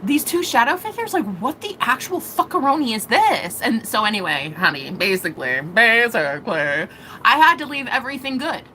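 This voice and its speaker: Young woman vlogger, bright, lively delivery, swears casually, faint room noise. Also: a little high, moderate pace, rough recording. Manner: animated, profane, laughing often. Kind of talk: casual storytelling to camera.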